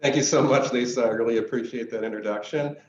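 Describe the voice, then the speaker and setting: Man, foundation executive, polite and brisk, roomy muffled sound. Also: mid-range voice, crowd noise. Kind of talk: conference welcome speech.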